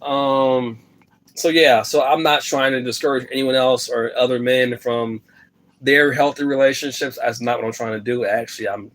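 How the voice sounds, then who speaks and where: A man's voice: medium pitch, steady tone, moderate pace, a bit bright. Rambling man talking to camera. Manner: rambling, stops often to talk to his dog. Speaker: vlogger. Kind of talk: casual vlog talk to camera. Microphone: phone camera.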